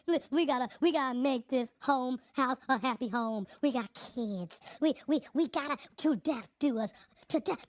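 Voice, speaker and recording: A man doing a mocking impression of a heartbroken husband begging his wife, slow and pleading. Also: extremely high pitch, no room sound, pitched above the performer's own voice, heavily acted. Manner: slow, begging, exaggerated mockery.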